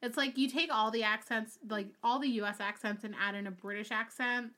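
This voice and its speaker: A young woman co-hosting a podcast in relaxed, agreeable chat with many fillers. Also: on the high side, brisk. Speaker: podcast co-host. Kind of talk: casual chat.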